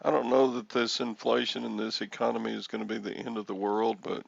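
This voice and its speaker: Gravelly older man chatting on a livestream. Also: fairly low pitch, flat delivery, brisk, dry recording, highs cut off. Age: 60s. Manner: rambling, jokey, answering chat comments. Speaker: reseller livestream host. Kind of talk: casual livestream chat.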